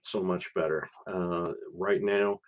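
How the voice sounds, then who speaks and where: Halting low-voiced man on a live stream. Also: fairly even intonation, lo-fi sound. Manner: hesitant, many fillers and restarts. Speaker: live stream host sharing visa experience. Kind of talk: casual live stream talk.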